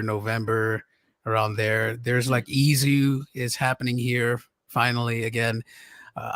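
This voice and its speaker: A man's voice: medium pitch, pushed and bright, no room sound, studio quality. A man talking as a guest on a podcast livestream, laid-back and jokey, swearing casually. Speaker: podcast guest, music producer.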